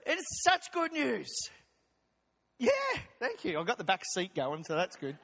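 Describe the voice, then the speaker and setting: A man preaching a lively, jokey sermon as pastor, acting out voices of his congregation. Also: high voice, moderate pace, vocal fry. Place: church hall. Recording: long hall reverb.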